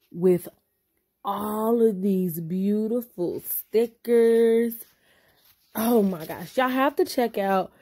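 Young female vlogger, effusive and sassy, warm low tone, unhurried delivery. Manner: animated, sassy and effusive, addresses viewers as y'all and honey. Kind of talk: casual vlog chat.

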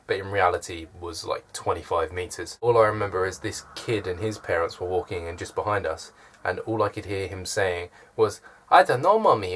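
A man's voice: sits low, a bit bright. A man, chatting to camera from his room with dry, self-deprecating humour. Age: early 20s. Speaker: vlogger. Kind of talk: casual chat to camera.

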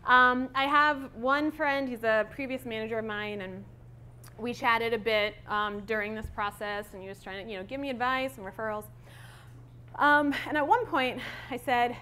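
A woman's voice: on the high side, expressive, moderate pace, sharp tone, a little hiss or hum. A woman in her thirties giving a conference talk on stage, candid and conversational with many fillers. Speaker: conference speaker.

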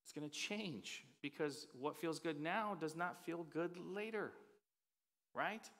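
A man's voice: on the high side, slow, fairly bright tone. A man preaching a sermon as pastor, casual and joking in a conversational way. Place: church auditorium. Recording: reverberant hall.

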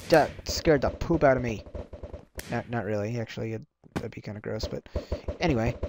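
A man giving rambling live commentary over his own gameplay, reacting loudly and quickly with mild exclamations. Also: mid-range voice, fairly even intonation, background noise. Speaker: gaming channel host.

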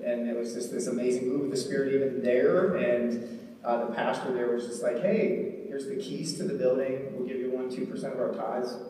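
A man's voice: mid-range voice, warm tone. A man from Ohio telling his testimony in a sermon, earnest and storytelling, with frequent ums and "right?" tags. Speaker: preacher and recovery ministry leader. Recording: echoey hall from far off, faint noise.

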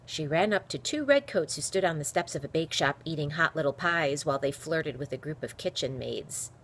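Expressive woman reading a children's book. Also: low-pitched, brisk, breathy edge. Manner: expressive storytelling. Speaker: reader. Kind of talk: reading a children's novel aloud.

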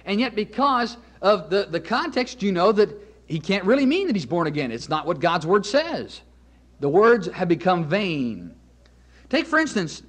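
A man preaching a sermon as an evangelist, emphatic, repeating key phrases slowly for weight. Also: high voice.

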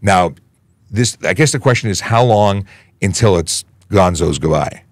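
A man with a low voice from Canada, a police officer hosting a casual livestream Q&A. He talks in a chatty, animated way, with a very lively pitch, doubling back on his words. The sound is dry and close to the mic. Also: unhurried, no echo. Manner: conversational, animated, many restarts and asides.

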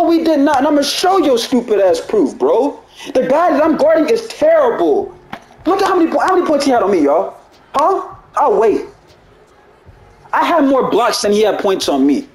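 A man's voice: very high-pitched, a little mellow, roomy sound, slight background noise, low-quality recording. A man who makes gaming videos, angrily ranting to his viewers in a profane, repetitive way. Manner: angry, profane, repeats himself, ends lines with "bro". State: heated. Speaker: gaming YouTuber. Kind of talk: heated gameplay rant to viewers.

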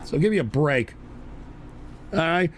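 A man hosting a live call-in stream, ranting belligerently at his chat and bursting into shouts, talking into a desk microphone. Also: fairly high pitch, animated, measured pace, slight background noise. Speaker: call-in show host. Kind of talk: profane live-stream rant.

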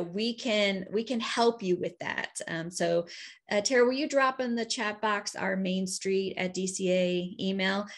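A woman presenting casually on a video call, chatty and heartfelt, with many fillers. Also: medium pitch. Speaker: state program director.

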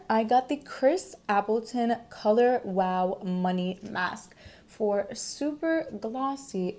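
A woman's voice: a little high, mellow. Young woman, chatty vlogger, enthusiastic, casual talk to camera, faint hiss behind. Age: young adult. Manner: chatty, enthusiastic, addresses viewers as guys.

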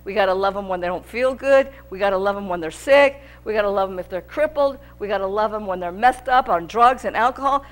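A woman's voice: medium pitch, a little fast, few pauses. A woman teaching a Bible lesson in an earnest, repetitive preaching manner, sometimes rising in volume for emphasis. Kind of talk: sermon teaching.

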